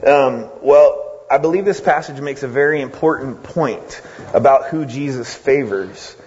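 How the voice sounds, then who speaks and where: A man giving a casual, conversational sermon, retelling a story with animated asides and little voiced impressions. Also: mid-range voice, measured pace, slight background noise. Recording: dull, echoey hall sound.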